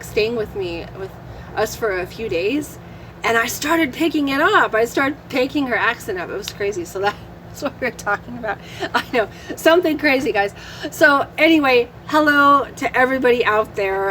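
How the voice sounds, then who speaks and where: Chatty woman vlogging outdoors, slightly high. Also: background noise. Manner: rambling, chatty, laughs often. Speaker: vlog host. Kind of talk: casual chat to camera. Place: outdoors in the shade.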